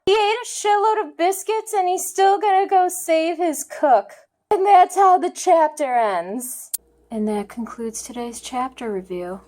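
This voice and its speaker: A young woman reviewing manga chapters, overwrought, half crying and shouting as she retells the story, swearing freely. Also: extremely high pitch, lively intonation, a little slow.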